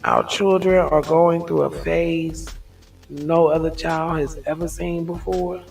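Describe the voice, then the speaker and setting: A woman's voice: low voice, steady tone, takes it slowly, creaky, darkish tone, distant mic, soft background music, rough recording. A woman vlogger talking frankly in a rambling reflective monologue, laughing things off to release stress.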